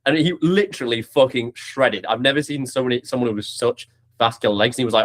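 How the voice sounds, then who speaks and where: A young man hosting a podcast, chatting casually with lots of swearing, restarts and bursts of excitement. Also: medium pitch, fast, few pauses. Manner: swears freely, animated, many restarts. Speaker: podcast host. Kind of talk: casual chat.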